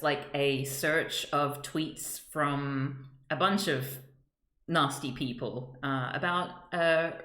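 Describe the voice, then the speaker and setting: Woman, streamer, casual live chat, slow unhurried delivery, halting, laughs often, roomy echo. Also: low-pitched, fairly bright tone. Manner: chatty, halting, laughs often, greets viewers.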